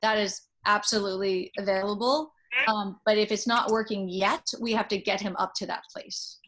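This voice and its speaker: Measured woman psychologist coaching a parent. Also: medium pitch, fairly even intonation, a bit bright, poor audio. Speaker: child psychologist advising a parent. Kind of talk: supportive advice.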